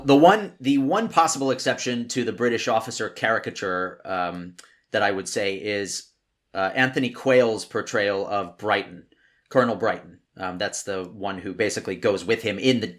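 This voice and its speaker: A man co-hosting a film podcast who explains his points in a relaxed, casual way. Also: lowish voice. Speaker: podcast co-host.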